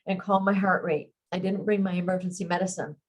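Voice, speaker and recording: A woman's voice: lowish voice, steady tone, close to an everyday voice. Woman reading as Destiny, breathless and shaky. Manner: breathless, apologetic, halting. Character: frightened young woman in a panic attack.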